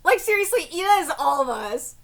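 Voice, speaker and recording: Live-streaming her reaction to a manga, a woman reads the translated lines aloud more quietly, then bursts into shrieks, laughter and casual swearing. Her voice is extremely high and sing-song, and she talks a little fast.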